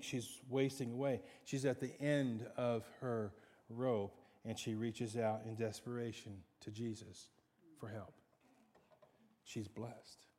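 A man preaching a sermon, dramatic, swinging from hushed to loud. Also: medium pitch. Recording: long hall reverb.

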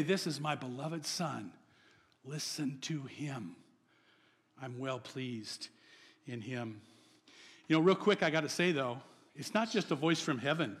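A man preaching with a high, ringing voice that carries a long reverb tail, as if he stands in a large hall. He swings between loud emphatic phrases and quiet, hushed lines, and keeps asking his listeners questions. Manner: asks the audience questions. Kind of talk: sermon.

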